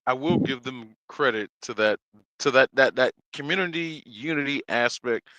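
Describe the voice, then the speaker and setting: Bright, lively male trucker co-host, dry mic, animated and jokey. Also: medium pitch, moderate pace, no echo, low-quality recording. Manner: animated, jokey, acts out quotes loudly. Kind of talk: casual livestream chat.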